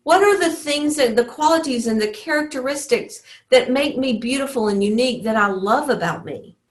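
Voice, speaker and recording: Encouraging woman coach, higher voice. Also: animated, moderate pace. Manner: earnest, encouraging, often acts out inner self-talk. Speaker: life coach teaching a teleclass. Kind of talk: motivational teleclass lecture.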